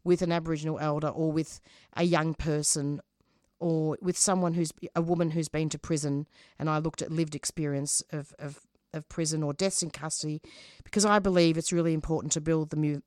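A middle-aged radio show host takes the guest seat in a conversational interview, her low, slightly mellow voice full of feeling despite a flat delivery. She speaks passionately but haltingly, repeatedly starting her sentences over, and the sound is dry and close with no room sound.

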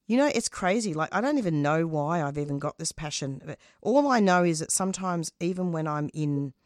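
A woman's voice: sits low, lively intonation, no echo, studio quality. A middle-aged woman, a radio host, speaking passionately as an interview guest, often breaking off and restarting her sentences. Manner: passionate, halting, with frequent restarts. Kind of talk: conversational interview.

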